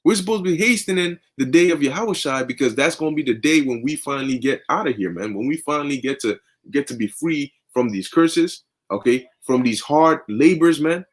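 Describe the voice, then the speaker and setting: A man's voice: on the high side, expressive, fairly quick, hardly any pauses. A young man teaching scripture in a fervent, conversational way, often tagging sentences with "man" and "okay". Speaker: preacher.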